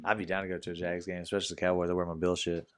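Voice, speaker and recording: A man co-hosting a sports podcast in casual, profane chat, excitable and quick to shout. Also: deep voice, clear, resonant tone. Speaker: podcast co-host.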